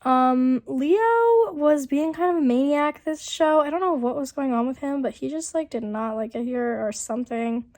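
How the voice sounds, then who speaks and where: A young woman narrating a casual vlog voiceover, chatty and rambling with lots of fillers, her voice rough from a lingering illness. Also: high-pitched, moderate pace, hardly any pauses, darkish tone. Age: young adult. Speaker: vlogger. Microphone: voiceover mic.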